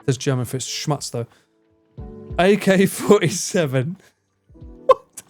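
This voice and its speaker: Essex male streamer, lively teasing banter, frequent swearing and laughs, slightly high voice. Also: a little slow, pauses often, soft background music. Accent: English, Essex. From England. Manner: swears a lot, laughs often, animated and teasing. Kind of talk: casual live-stream chat with viewers.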